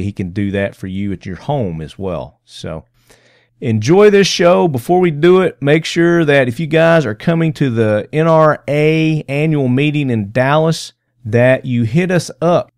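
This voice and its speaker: A man's voice: mid-range voice, darkish tone, no echo, studio quality. Casual, jokey male podcast host. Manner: loose and jokey, lots of fillers. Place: convention booth on a show floor.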